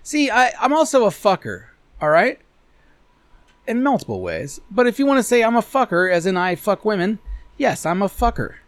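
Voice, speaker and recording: High, lively-voiced profane man. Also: normal speed, no room sound. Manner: animated, profane, mock-indignant. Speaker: podcast co-host. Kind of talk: crude casual banter.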